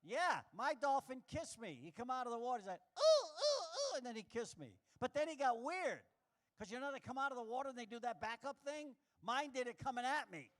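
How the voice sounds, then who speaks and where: A man doing a stand-up comedy set on a club stage, animated and acting out the voices he quotes. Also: fairly quick. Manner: animated, acts out quoted voices with big pitch jumps.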